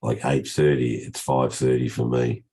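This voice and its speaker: An older man hosts a trading session over a video call, his voice extremely deep and low. A cold leaves it croaky and husky, and he talks in a loose, rambling way with lots of restarts. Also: flat delivery, normal speed, warm tone. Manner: rambling, restarts often, chatty. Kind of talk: casual live trading session talk.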